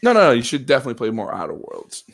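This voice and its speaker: A man co-hosting a podcast, chatting casually about video games in an animated way, swearing freely. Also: mid-range voice, very fast, creaky. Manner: animated, swearing, acts out reactions. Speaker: podcast co-host.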